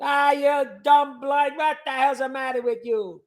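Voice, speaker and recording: A man voicing his grumpy old grandfather, who yells and scolds gruffly. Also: very high voice, fairly even intonation, a little slow, voice pushed up. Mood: angry yelling.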